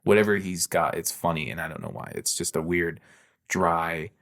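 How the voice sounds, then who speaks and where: A man's voice: low voice, normal speed, creaky, a bit bright. A young man co-hosting a podcast, rambling loosely and laughing easily in casual comedic chat. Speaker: podcast co-host.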